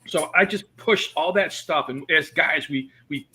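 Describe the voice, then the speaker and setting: Bright-voiced man telling stories. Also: fairly high pitch, a little slow, slightly rough. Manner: storytelling with jokes and many fillers. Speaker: comedian guest. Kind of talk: casual interview chat.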